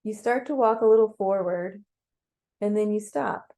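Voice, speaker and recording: A woman narrating a guided meditation in a slow, calm, measured way. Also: mid-range voice.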